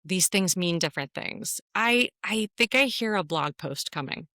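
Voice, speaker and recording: A woman's voice: lowish voice, expressive, normal speed, pushed and bright, dry recording, studio quality. A woman from Virginia co-hosting a podcast in casual chat, playful and laughing often. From Virginia, USA. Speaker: podcast co-host.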